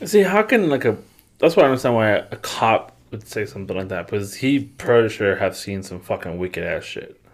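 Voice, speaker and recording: A man's voice: fairly low pitch, lively intonation. A man, a podcast co-host telling profane stories in casual chat. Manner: profane, rapid storytelling.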